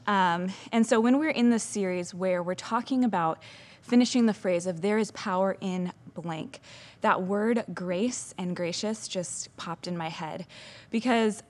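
A woman's voice: medium pitch, moderate pace. A young adult woman speaks as a children's pastor in a short devotional talk. Her delivery is earnest and chatty, with casual fillers that keep it conversational.

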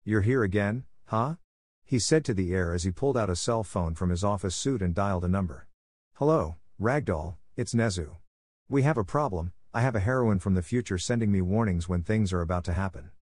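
A man narrating a fan-fiction story in a steady, evenly paced scripted read. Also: sits low, brisk, dry recording, clean studio sound.

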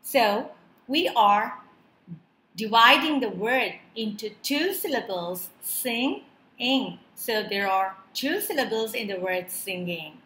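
Slow, bright-voiced woman teacher. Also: medium pitch, echoey room. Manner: slow, clear, drawn-out word-by-word pronunciation. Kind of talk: children's lesson narration.

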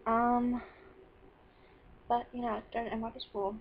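A woman's voice: a little high, little pitch movement, a little slow, phone-quality sound, a little hiss or hum. A teenage girl venting about her day in a rambling, sarcastic personal vlog. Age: teens. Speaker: vlogger.

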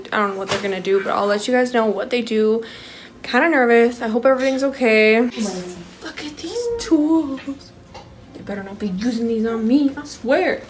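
A woman's voice: a little high, reverberant, slight background noise. A young woman talking casually to her phone camera at home, chatty and upbeat, with lots of fillers. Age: young adult. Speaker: vlogger, young mother. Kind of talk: casual vlog chat. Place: home indoors.

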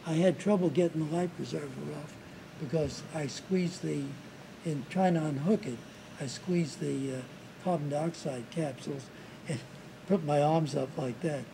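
A war veteran in his seventies is interviewed about his memories, which he recounts haltingly, restarting and repeating words. His voice is a little high and gravelly, with background noise present.

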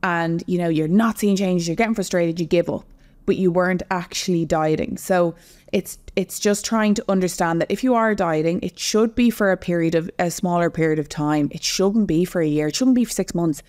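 A young adult woman with a slightly low voice talks as a podcast guest. She is earnest and explanatory, speaking directly to women about her coaching work. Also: moderate pace, darkish tone. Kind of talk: casual podcast conversation.

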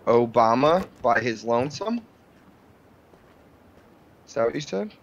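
A man's voice: mid-range voice, big pitch swings, a little slow, lo-fi sound, a little hiss or hum. Giggly young man joking on voice chat. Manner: giggly, crude jokes. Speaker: friend in voice chat. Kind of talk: casual gaming chat.

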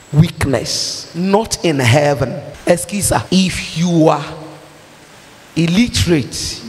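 A Nigerian man preaching an impassioned sermon, firing off rhetorical questions and shouting his points. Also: fairly high pitch. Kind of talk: fiery sermon. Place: church hall. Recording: long hall reverb.

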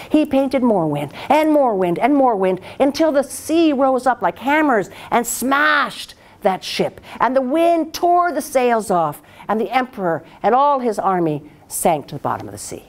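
Expressive woman telling a folktale. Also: fairly high pitch. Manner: dramatic, expressive, with sound effects. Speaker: storyteller.

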